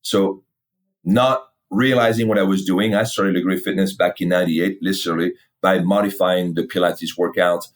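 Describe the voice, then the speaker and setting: A middle-aged man, a fitness company founder, telling his story in a casual interview, animated, swearing freely and acting out old conversations. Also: sits low, moderate pace. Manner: animated, swears freely, acts out past dialogue.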